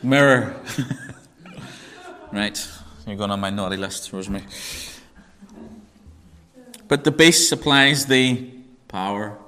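A man's voice: takes it slowly, long pauses, bright, forceful tone. A man with a Northern Irish accent preaching a Bible teaching sermon, conversational, with joking asides. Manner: conversational, joking asides, pitch rising when stressing points.

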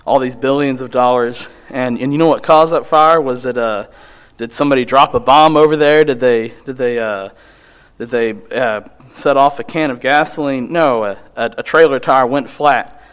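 A man preaching a sermon in an earnest, halting way, with frequent restarts, who reads scripture aloud slowly and with emphasis. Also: medium pitch, fairly bright tone, smooth.

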